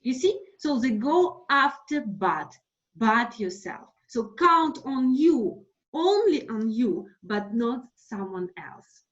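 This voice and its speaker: Slow, lively teacher. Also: female voice, a little high. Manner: slow, explanatory, repeats examples, switches to Russian for translations. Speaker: English teacher. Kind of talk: online lesson, webinar. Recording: dull lo-fi webinar audio.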